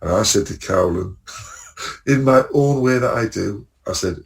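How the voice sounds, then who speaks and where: A man with a fairly low voice chats casually on a podcast, telling a long travel story. He rambles, restarts and laughs at his own jokes. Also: unhurried, vocal fry, recorded from a distance. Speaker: podcast co-host. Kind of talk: casual chat, travel anecdotes.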